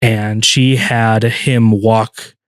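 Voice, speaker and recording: A man's voice: on the low side, level tone, extremely slow, no room sound, studio quality. A man co-hosting a podcast as a wedding videographer, talking in an easygoing, chatty way with frequent laughs. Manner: easygoing, laughs often, lots of fillers. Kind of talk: casual chat.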